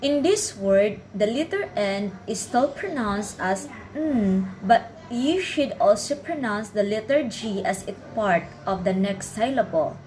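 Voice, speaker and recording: A woman, narrating a pronunciation lesson in a careful, clearly enunciated way. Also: medium pitch, expressive, a little slow, few pauses, darkish tone, a little hiss or hum, low-quality recording. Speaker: pronunciation teacher. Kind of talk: scripted instructional narration.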